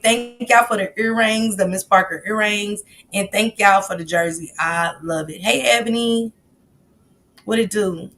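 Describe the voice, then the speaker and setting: A woman's voice: medium pitch, measured pace, fairly bright tone. A middle-aged woman hosting a casual livestream, greeting chat viewers by name in loose, slangy talk. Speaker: livestream host.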